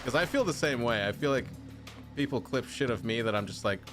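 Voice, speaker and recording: A man's voice: mid-range voice, lively intonation, a little fast. A man streaming a video game, chatting casually with viewers in joking, rambling, self-mocking banter. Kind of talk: casual live-stream chat. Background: game music.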